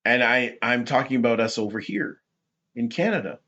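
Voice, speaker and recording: A man hosting rambling political commentary, talking in a rhetorical, animated way. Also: mid-range voice, moderate pace, lo-fi sound. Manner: animated, rhetorical, laughs at his own points.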